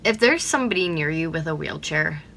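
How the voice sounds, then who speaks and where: A woman's voice: low-pitched, animated, fairly quick, vocal fry, a bit bright, slight background noise. A young woman from Pennsylvania ranting to her viewers on a vlog, blunt and swearing freely, with lots of "like". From Pennsylvania, USA. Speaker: vlogger.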